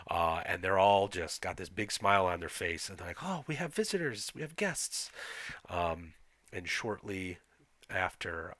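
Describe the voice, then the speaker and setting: A man's voice: sits low, a bit bright, no room sound. A man narrating a tabletop game as game master, hesitant and full of fillers. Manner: hesitant, many fillers, reads aloud.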